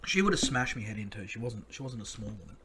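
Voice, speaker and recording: An Australian man co-hosting a casual sports podcast, telling crude stories with animated delivery. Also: on the low side, fast talker, heavy background noise. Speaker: podcast co-host.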